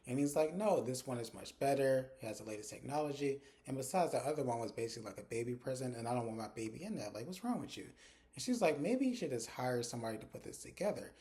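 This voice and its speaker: A chatty man retelling a TV episode scene by scene, slipping into the characters' lines as he goes. His voice sits at a middle pitch with a mellow, warm tone. He talks directly to his viewers in a relaxed, casual way. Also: fast. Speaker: TV recap reviewer.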